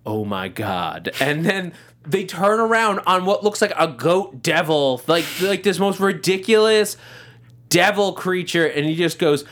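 A man's voice: high voice, unhurried, a bit bright. A man co-hosting a podcast, chatting casually about a TV show, rambling with many restarts and laughing often. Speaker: podcast co-host. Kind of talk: casual TV recap chat.

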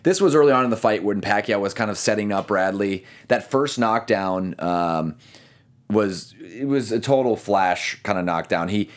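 A man co-hosting a talk show, casually recapping a boxing match round by round and talking through his scorecard with quick restarts. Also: lowish voice. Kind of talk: casual fight recap chat.

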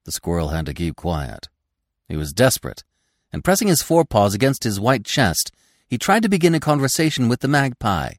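A man narrating a classic animal story in an expressive, deliberate reading. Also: medium pitch, no echo, studio quality. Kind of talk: scripted audiobook narration.

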